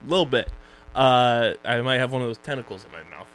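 A man's voice: mid-range voice, expressive, fast talker, fairly bright tone. A young man co-hosting a casual podcast about streaming shows, joking loosely as he runs through social plugs and sponsor reads. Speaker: podcast co-host.

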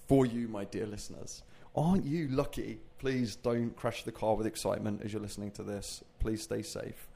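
Fitness podcast guy, gravelly voice, rambly and jokey. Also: fairly low pitch, steady tone, normal speed, mellow. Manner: chatty and rambling, self-mocking jokes. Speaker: podcast host and fitness coach. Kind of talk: casual solo podcast chat.

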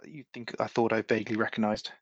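A man playing a tabletop role-playing game who talks in a hesitant, halting way. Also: fairly low pitch, little pitch movement, no room sound. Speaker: player. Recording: dull, dry, lo-fi mic.

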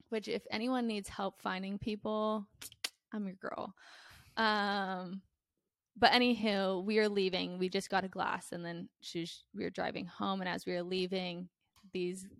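Blunt, candid young woman, gravelly edge. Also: mid-range voice, a bit bright, dry recording, clean studio sound. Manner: candid and blunt, with frequent fillers. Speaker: podcast host. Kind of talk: casual chat.

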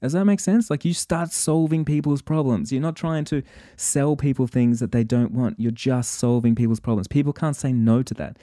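A man's voice: medium pitch, moderate pace, warm tone, no room sound, clean studio sound. A man hosting a podcast, talking straight to listeners in a passionate, worked-up motivational monologue. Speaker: podcast host.

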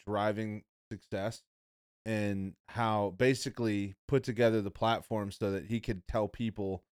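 A man's voice: on the low side, darkish tone, clean tone, no echo, studio quality. A young man hosting a podcast in casual chat, rambling and profane, calling people "bro" and "dude.". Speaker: podcast host.

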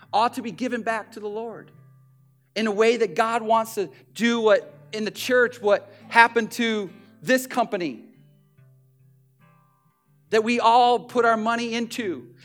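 High-voiced man preaching a sermon. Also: a bit bright. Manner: conversational preaching with repetitions. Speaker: pastor.

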